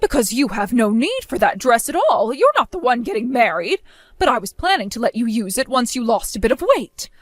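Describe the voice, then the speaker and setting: A stern middle-aged mother with a cold, scolding edge, as a woman puts her on. Her voice sits lower than the woman's usual high tone, and the lines land as commands. Close, dry recording with no room around it. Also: very animated, a little fast, no room sound. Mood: contemptuous. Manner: harsh, commanding. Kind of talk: amateur voice drama.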